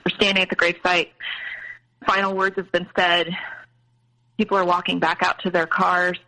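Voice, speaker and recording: Bright-voiced woman telling a story. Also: lowish voice, flat delivery, normal speed, rough recording. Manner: hesitant, many fillers and restarts. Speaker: guest. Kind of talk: personal story in a podcast interview.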